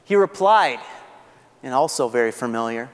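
A man's voice: mid-range voice, lively intonation, moderate pace. A man preaching a sermon as pastor, earnest and building to fervent rhetorical questions. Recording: long hall reverb.

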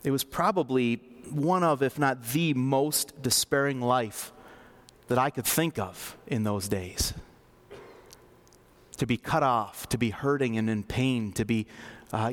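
A man preaching a sermon as pastor, talking conversationally and acting out scripture scenes, dropping low and soft for emphasis.

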